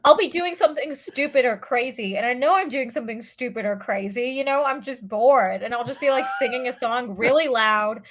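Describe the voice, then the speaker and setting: Sardonic young woman comic rambling. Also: a little high. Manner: rambling, sardonic, profane, quick asides. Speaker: comedian guest. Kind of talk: casual comedy podcast chat.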